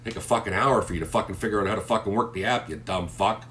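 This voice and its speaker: A man's voice: lowish voice, fast, a bit bright, a little hiss or hum. Brash, cursing man hosting a roast stream. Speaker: livestream host. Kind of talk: profane roast livestream chat.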